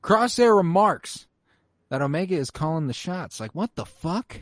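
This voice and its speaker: A man's voice: fairly high pitch, lively intonation, fairly quick, no room sound. A young man co-hosting a podcast, recapping an episode in casual, profane chat. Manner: casual and profane, quoting characters in mock voices. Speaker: podcast co-host.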